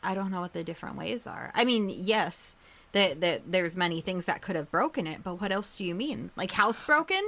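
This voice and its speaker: A woman's voice: lowish voice, lively intonation, fairly quick, vocal fry, a bit bright. A woman co-hosting a podcast in casual chat, giving a rambling, self-mocking, jokey recap. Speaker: podcast co-host.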